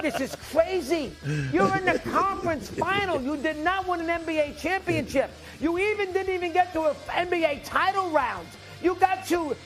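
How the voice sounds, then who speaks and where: An older man ranting loudly and indignantly, firing off rapid sports opinions in a TV studio. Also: very high-pitched. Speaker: sports debate guest. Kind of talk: sports debate rant.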